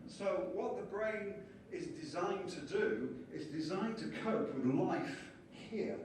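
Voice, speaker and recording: A man giving a lively conference lecture and explaining ideas with small acted-out scenes. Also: high-pitched, slow pace, slight background noise. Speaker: conference speaker. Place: conference hall. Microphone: distant from the mic. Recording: echoey hall from far off, faint ambience.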